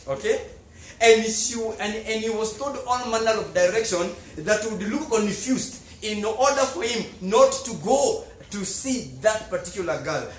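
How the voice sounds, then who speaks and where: A male pastor telling a story in a sermon, animated, dropping to low murmurs and rising to loud exclamations. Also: a little hiss or hum. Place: church sanctuary. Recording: echoey church hall.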